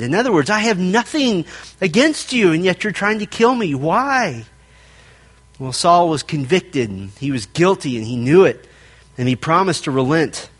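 A male preacher with a voice pitched a little high, telling the story with earnest, animated warmth of delivery. He moves between lively retelling and slow, solemn reading of scripture in a steady sermon cadence.

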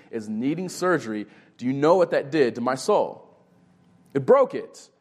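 A man in his thirties preaching a sermon as a youth pastor, telling a personal story with earnest, rising emphasis. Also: mid-range voice. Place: retreat meeting room.

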